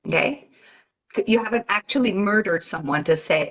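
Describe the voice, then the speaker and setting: A woman's voice: medium pitch, animated, a little slow, fairly bright tone. A woman talking earnestly about self-love on a podcast, acting out her inner voices with gasps. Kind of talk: casual podcast chat.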